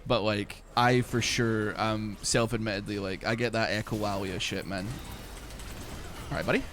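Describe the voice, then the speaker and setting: A man's voice: lowish voice, steady tone, moderate pace, noisy background. A young man streaming a video game, chatting casually in a rambling, profane way with many filler words. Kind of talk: casual chat while playing a video game.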